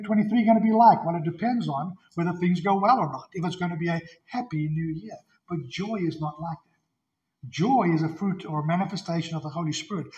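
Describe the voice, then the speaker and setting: A man's voice: on the high side, darkish tone, lo-fi sound. A male pastor preaching an expository sermon in an earnest, emphatic way, often repeating his key phrases.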